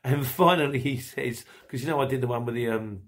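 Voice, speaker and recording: A middle-aged man hosts a podcast in a mid-range, fairly quick voice, chatting casually and rambling as he reads listener messages. He laughs often.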